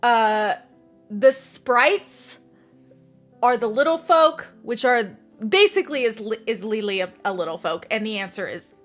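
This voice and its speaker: A young adult woman hosting a casual book podcast. She talks in an animated way, laughs often and acts out scenes as she tells them. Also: on the high side, unhurried, soft background music. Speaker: podcast host. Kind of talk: casual chat about books.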